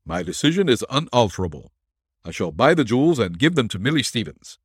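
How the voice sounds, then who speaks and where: Man reading as a stubborn old colonel, firm and deliberate, husky, dry sound. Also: medium pitch, big pitch swings, no room sound. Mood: resolute. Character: stubborn older male colonel, believer in ghosts.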